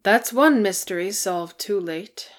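A woman's voice: mid-range voice, expressive, unhurried, lightly acted. A woman voicing a sad, pipe-smoking male dwarf with a wistful manner in a storybook reading.

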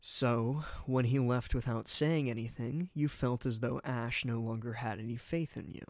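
A man voicing a calm mentor professor in a read-aloud story, soft and measured. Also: medium pitch, no echo, clean studio sound, natural voice. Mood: gentle. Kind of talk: storybook reading.

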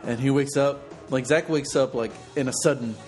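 A man's voice: medium pitch, normal speed, a little mellow, faint music behind. A man co-hosting a casual podcast among friends, telling a long story full of fillers and restarts. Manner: rambling storyteller with many fillers. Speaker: podcast co-host.

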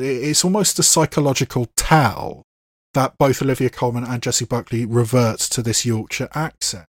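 A man talks through a film review without a script, mid-pitched and unhurried, stacking up asides as he thinks aloud. The sound is close and dead dry, with no room around the voice. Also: no room sound. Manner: thoughtful, digressive, with filler phrases.

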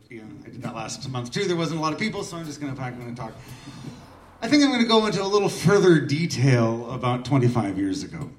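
A man's voice: mid-range voice, recorded from a distance, a little hiss or hum. Open mic host in his forties, rambling self-deprecating storyteller, echoey room, heard from across the room. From Oregon, US. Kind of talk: casual personal storytelling. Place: small art gallery room.

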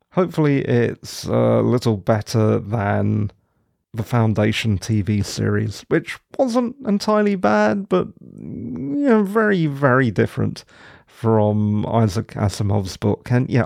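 A middle-aged man talks slowly and unhurriedly on his own podcast, rambling through opinions with a self-deprecating edge. His voice has a gravelly, fry-laden texture, recorded dry and close with no room sound. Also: mid-range voice, a little mellow, dry recording. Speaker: podcast host. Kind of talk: solo casual podcast chat.

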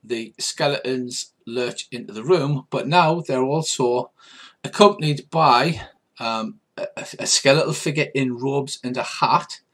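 A man's voice: medium pitch, unhurried, fairly bright tone. A man as game master, narrating a tabletop role-playing scene with frequent hesitations and fillers. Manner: hesitant, full of fillers while describing.

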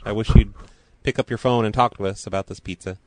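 A man's voice: fairly low pitch, fairly even intonation, fast talker, a little mellow, slight background noise. A man hosting a prank call podcast, laid-back and crude in his joking. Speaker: podcast host.

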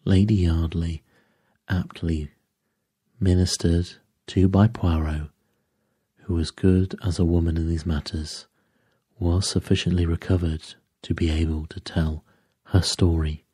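A man reads a bedtime sleep story in a calm, measured manner, his voice very deep and unhurried. There is a husky, dark grain to it, and the close-mic recording is completely dry. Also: no room sound.

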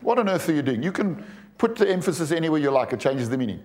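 A man in his forties delivers a sermon in a high voice. He talks emphatically, stumbles over repeated words and keeps asking the congregation questions. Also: big pitch swings, quick pace, darkish tone. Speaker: preacher.

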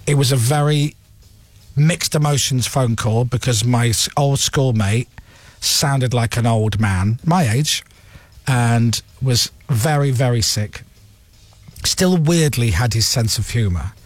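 A man's voice: mid-range voice, slow, no echo. A man hosting a radio talk show, giving his blunt opinions and mocking a politician. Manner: mocking, does voices of politicians. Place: radio studio.

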